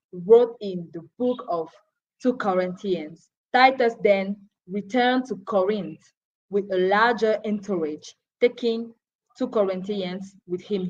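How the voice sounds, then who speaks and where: A woman giving a Bible teaching, going through names, chapters and verses and sometimes stumbling over her words. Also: mid-range voice. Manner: deliberate, with restarts and verse citations. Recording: dull lo-fi broadcast audio.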